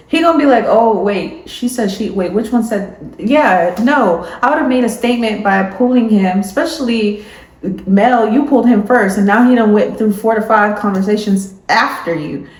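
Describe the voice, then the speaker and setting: Sassy young woman vlogger, echoey room. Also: fairly high pitch. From South Florida. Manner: animated, sassy, talks back to the screen. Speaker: reality TV recap vlogger. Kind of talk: casual recap monologue.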